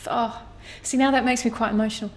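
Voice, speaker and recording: A woman's voice: a little high, steady tone, fast. A woman giving a tarot reading to her viewers, earnest and emotional, often repeating her phrases and swearing casually. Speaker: tarot card reader. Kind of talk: astrology tarot reading monologue.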